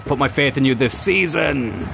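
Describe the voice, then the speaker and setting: A gaming YouTuber commentates live on his own football career-mode game, exasperated and swearing as he urges on the players on screen. His gravelly, medium-pitched voice is expressive and moves at a normal speed over music.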